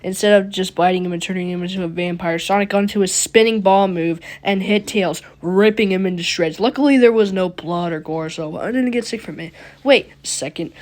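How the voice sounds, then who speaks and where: A woman reading a creepypasta casually, giggling and breaking off to comment on the story. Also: medium pitch. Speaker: creepypasta narrator.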